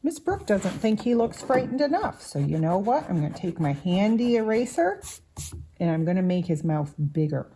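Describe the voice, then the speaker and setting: A woman's voice: medium pitch, very animated, moderate pace, mellow, slight background noise. A woman teaching young children to draw, patiently explaining each step as she draws. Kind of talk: slow drawing lesson for children.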